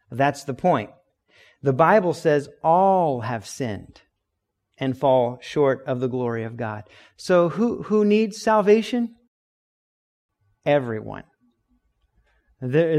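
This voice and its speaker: A man's voice: on the high side, a little mellow. A man preaching in a conversational way, explaining scripture with everyday examples and acted-out quotes. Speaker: pastor. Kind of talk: sermon.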